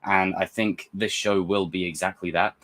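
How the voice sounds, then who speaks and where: Deep-voiced man rambling through a reaction. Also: normal speed. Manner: excitable, rambling, with frequent restarts and swearing. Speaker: reaction video host. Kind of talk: casual reaction commentary.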